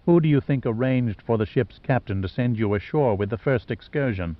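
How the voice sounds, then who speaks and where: Guy reading cold scheming sister, calm and mocking, dry dull audiobook sound. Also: medium pitch, a little fast, no echo, lightly acted. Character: wealthy cold scheming woman, adult sister.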